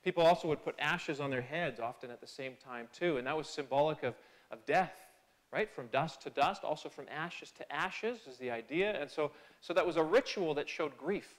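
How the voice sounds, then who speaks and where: Casting: male pastor, fairly high voice, earnest sermon delivery with conversational asides. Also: normal speed. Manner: earnest, rises in pitch and loudness on key phrases; conversational asides and small restarts. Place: church sanctuary.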